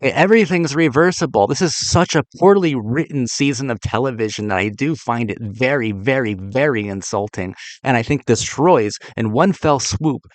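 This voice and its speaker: A man's voice: medium pitch, moderate pace, few pauses, no room sound. A man hosting a video essay who talks about television bluntly, with an exasperated tone and frequent fillers and restarts. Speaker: TV critic and channel host.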